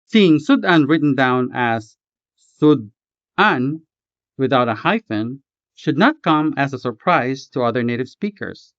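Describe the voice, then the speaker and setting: A man teaching a language lesson in scripted narration, speaking slowly and carefully and repeating words for pronunciation. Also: medium pitch, dry recording. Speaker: language tutor. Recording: dull, dry, lo-fi voice-over.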